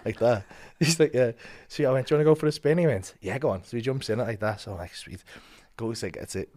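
On a podcast, a young man speaking fast in a mid-range voice recounts a comedic tale. Cursing freely and laughing as he goes, he animatedly impersonates the characters in it.

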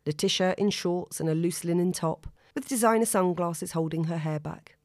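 A woman narrating a story in a steady, expressive reading. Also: on the low side, normal speed, dry recording, clean studio sound. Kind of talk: audiobook narration.

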